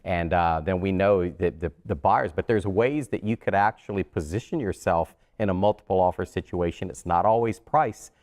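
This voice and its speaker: A man who is a realtor, a guest on a TV talk show, explaining in a relaxed, loose way in a studio. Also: sits low, normal speed, hardly any pauses. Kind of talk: TV talk segment.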